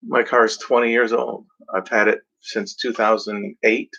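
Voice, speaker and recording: A man's voice: fairly low pitch, little pitch movement, moderate pace, vocal fry, sharp tone. A man in a rambling, profane vlog rant, talking casually at home in front of a blanket. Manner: rambling, profane, mock-voices other drivers. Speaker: vlogger. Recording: dull lo-fi home recording.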